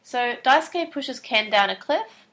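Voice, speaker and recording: A woman's voice: sits high, expressive, a little slow, a bit bright, a little hiss or hum. A woman co-hosting a podcast, chatting casually as she recaps episode plots and quotes characters. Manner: chatty, recaps plot and acts out lines in quotes. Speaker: podcast co-host. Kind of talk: casual chat.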